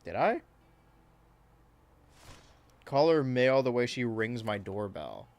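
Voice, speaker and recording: A male game streamer at a middling pitch, chatting casually while he plays. He rambles between the game and chat questions, swearing freely as he goes. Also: sing-song, takes it slowly, darkish tone. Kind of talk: casual let's-play commentary.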